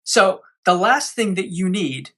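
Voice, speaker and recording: A man's voice: high-pitched, animated, a little slow, a bit bright. A man speaking as a podcast guest, coaching listeners with energy and acting out quotes. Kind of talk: podcast interview.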